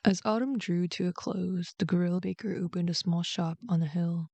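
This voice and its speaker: A woman with a slightly gravelly voice reads a bedtime story aloud, gentle and steady. The sound is dry and close, with no room around it. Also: fairly low pitch, moderate pace, no echo. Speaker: storyteller host.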